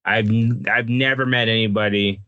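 A man chatting casually about hunting calls, halting and repeating himself as he restarts his sentences. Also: on the low side, fairly even intonation, bright, forceful tone, no room sound, lo-fi sound. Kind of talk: casual chat about duck calling.

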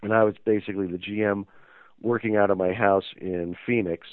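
A man's voice: on the low side, steady tone, fairly quick, no room sound. A man telling a story as an interview guest, rambling and hesitant with many fillers. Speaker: interview guest, magazine owner. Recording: tinny phone line.

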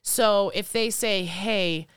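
A woman co-hosts a podcast in casual conversation, telling stories, voicing the people in them and laughing often. She works as a retail vendor rep. Her mid-range voice is slow, slightly bright, clear and resonant, captured in studio quality with no echo.

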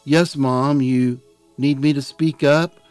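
A man's voice: mid-range voice, steady tone, takes it slowly, a little mellow, clean tone, dry recording, soft background music, lightly acted. A man voicing a troubled adult son who speaks hesitantly, searching for his words.

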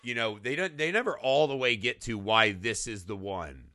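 A man's voice: mid-range voice, moderate pace, no echo, clean studio sound. A man on a casual film-discussion podcast, retelling scenes with lots of swearing. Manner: profane, animated retelling of scenes.

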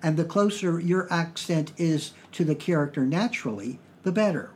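A man from Virginia with a Southern US accent, hosting a podcast and explaining things in plain, measured talk. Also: fairly high pitch, expressive, darkish tone, a little hiss or hum. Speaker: podcast host.

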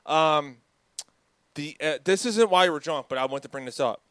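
A man hosting a casual sports podcast with friends, laughing often and firing off quick asides. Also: fairly high pitch, fairly bright tone, dry recording. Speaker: podcast host.

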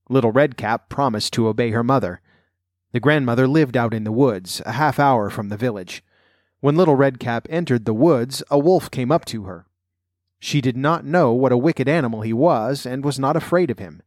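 A man calmly narrating a fairy tale in a measured storybook reading. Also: mid-range voice, no echo, clean studio sound.

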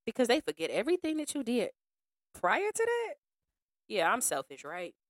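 A woman hosting a podcast in a casual monologue, frank and slangy, acting out other people in an animated way. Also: a little high, normal speed, no echo, clean studio sound. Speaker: podcast host.

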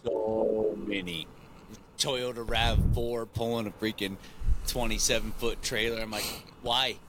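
A man co-hosting a casual podcast, chiming in with short remarks and relaxed asides. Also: fairly low pitch, measured pace, a little hiss or hum. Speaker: podcast co-host. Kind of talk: casual chat.

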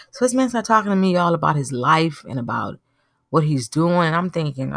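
Earnest woman podcaster, preachy and lively storyteller, lowish voice, dry studio sound. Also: fairly quick, dry recording. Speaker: podcast host. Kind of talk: motivational monologue.

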